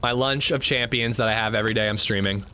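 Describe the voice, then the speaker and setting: A man's voice: lowish voice, steady tone, fast talker, sharp tone, slight background noise. A man streaming a game, casually chatting with his viewers and swearing when something annoys him. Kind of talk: casual livestream chat while gaming.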